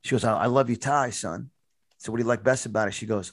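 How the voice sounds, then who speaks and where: Male talk host, dry close studio sound, mid-pitched voice, forceful storytelling with restarts. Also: fast talker, no echo. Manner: animated, repetitive restarts, preachy. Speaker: podcast host and conservative speaker.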